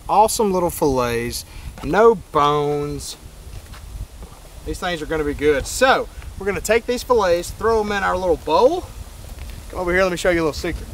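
A man hosting an outdoor fishing and cooking vlog near a pier, talking in an excitable, joking, folksy way. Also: sits high, moderate pace, long pauses, a little hiss or hum. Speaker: fishing vlogger, host.

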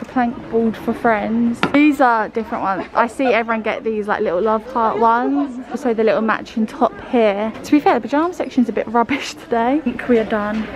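A woman's voice: a little high, muffled recording, background noise. A young English woman chatting casually as she films a shopping vlog in a busy shop, filling her talk with "like". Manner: chatty, lots of "like" fillers. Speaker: vlogger.

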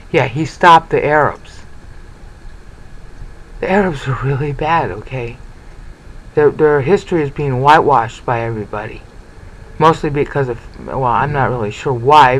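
Heard on a low-quality recording, a medium-pitched man delivers a casual Bible history talk over slides. As a Bible teacher, he chats freely and frequently asks "okay?"

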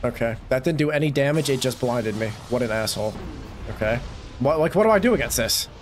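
A young man giving gameplay commentary, swearing and bursting into frustrated shouts. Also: medium pitch, expressive, fast, slight background noise. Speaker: gaming YouTuber.

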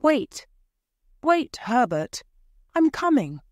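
A woman voicing an old mother who cries out high and pleading for her son. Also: wildly swooping pitch, slow, a little mellow, dry recording, clean studio sound, full character voice. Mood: frantic.

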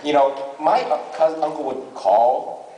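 A man doing live comic storytelling as a stand-up comedian in a large convention hall, with an animated delivery. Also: a little high, a little slow, slight background noise. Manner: animated, jumps into character voices. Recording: echoey hall from far off.

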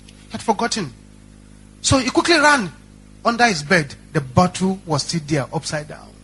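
Emphatic high-voiced preacher. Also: male voice, big pitch swings, normal speed, bright, forceful tone, a little hiss or hum. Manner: dramatic, repetitive, emphatic. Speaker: pastor. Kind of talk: sermon storytelling.

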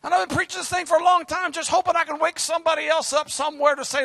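A middle-aged man, preaching a fiery sermon as pastor, joking and then shouting his exhortations. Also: very high voice, flat delivery, racing, gravelly, hardly any pauses, dry recording.

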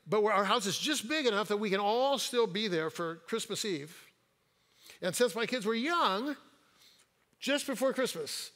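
A man's voice: sits high, a bit bright, long reverb tail. A retired pastor in his sixties preaching a sermon in a church, telling personal stories with quips and the odd hesitation. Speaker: guest pastor. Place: church sanctuary.

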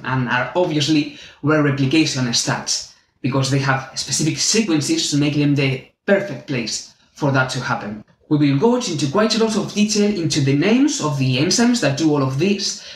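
A man with a Spanish accent giving a clear, methodical university biology lesson as the channel's teacher. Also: on the high side. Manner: clear, methodical, friendly explaining. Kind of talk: university lecture explaining with drawings. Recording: echoey room.

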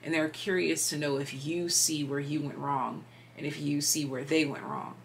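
Low-voiced chatty woman tarot reader. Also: fairly even intonation, moderate pace, gravelly, slight background noise. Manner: chatty, meandering, filler-heavy, drops into whispers. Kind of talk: casual tarot reading.

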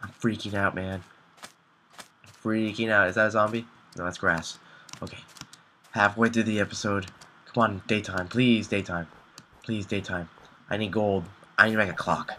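A young man talks himself through a tense video game, panicking and repeating words in rapid bursts. His voice is low-pitched but bright and forceful. Faint keyboard clicks and a light hiss sit behind him. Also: fairly even intonation. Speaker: gameplay commentator. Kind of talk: live gameplay commentary.

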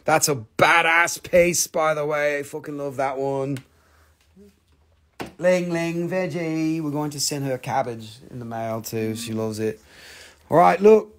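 A man's voice: fairly high pitch, moderate pace. A man casually hosting a live crystal sale, joking and swearing. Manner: joking, profane, rambling. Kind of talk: casual live-stream sales chat.

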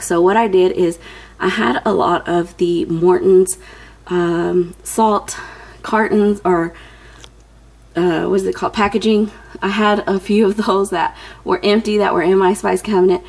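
Young woman vlogger, slightly breathless, low-ish voice, chatty and filler-heavy. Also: creaky, a little mellow. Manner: chatty, many ums, addresses viewers as you guys. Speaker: home organization vlogger. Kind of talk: casual tutorial narration.

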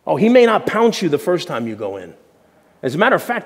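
A man preaching a sermon as pastor, animated and jokey, with sudden shouts and hushed asides. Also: fairly high pitch, fast, big-room sound. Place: church sanctuary.

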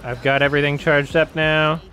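Excitable bright-voiced man gaming. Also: fairly high pitch, moderate pace, faint music behind. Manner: excitable, swears often, yelps at hits. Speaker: streamer playing a co-op game. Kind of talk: casual gaming chat.

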